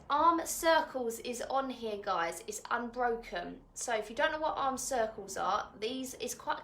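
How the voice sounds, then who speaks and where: A woman's voice: high-pitched, fairly bright tone. A woman fitness coach, leading a live online workout at home in a chatty, upbeat way and laughing often. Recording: echoey room.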